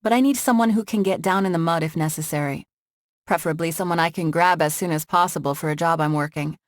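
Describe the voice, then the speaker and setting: Woman doing wry practical young heroine, lowish voice, dry audiobook sound. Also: quick pace, no room sound, lightly acted.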